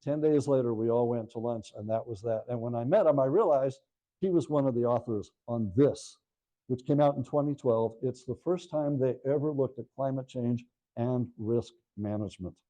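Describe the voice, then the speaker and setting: An older man lectures to a live audience about his book, with a deep, mellow, dark timbre. He tells stories in a relaxed, conversational way and keeps turning to the crowd with quick asides. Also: low-quality recording. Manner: chatty storytelling with asides to the audience. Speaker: author giving a book talk.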